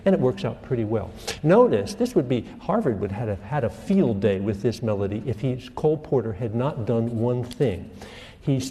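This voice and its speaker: A music lecturer with a medium-pitched, husky voice teaches a class in a lively way, quizzing students and humming rhythms to show the beat. The recording has a long reverb tail.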